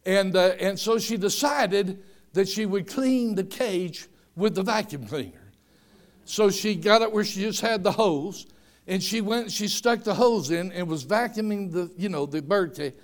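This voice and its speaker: Older preacher with a high voice. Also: male voice, measured pace. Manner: storytelling, swings from soft asides to shouted emphasis. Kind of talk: sermon.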